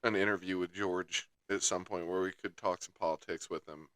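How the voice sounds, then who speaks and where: A man's voice: sits low, steady tone, a little fast, a bit bright, no room sound. A young man co-hosting a podcast, chatting casually in a wry, teasing, profane way. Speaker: podcast co-host. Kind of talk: casual chat. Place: studio.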